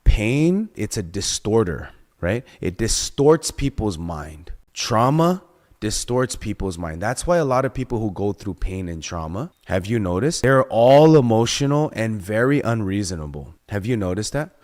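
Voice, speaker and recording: A man preaching a sermon, emphatic, with sudden rises in pitch and loudness and many rhetorical questions. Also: very animated, normal speed.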